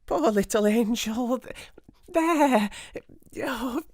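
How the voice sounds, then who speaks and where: Frantic, shrill storybook schoolmistress, put on by a male reader, dry close sound. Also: animated, takes it slowly, no echo, exaggerated voice. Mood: exasperated. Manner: shrill, swinging between coaxing and scolding. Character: flustered plump middle-aged schoolmistress.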